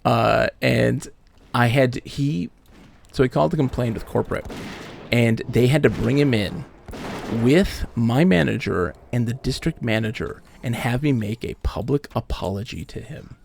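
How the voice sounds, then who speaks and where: Streamer, man, late 30s, gravelly edge, mid-pitched, animated storyteller who swears casually. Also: unhurried, a little hiss or hum. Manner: animated, acts out quoted people, swears casually. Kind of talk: casual storytelling while gaming. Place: home streaming setup.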